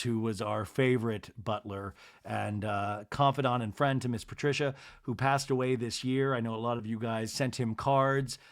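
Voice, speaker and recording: A man hosting a podcast, recapping a reality TV episode solo with an animated, storytelling delivery. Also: mid-range voice. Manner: animated retelling, acting out cast members' lines in put-on voices. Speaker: podcast host.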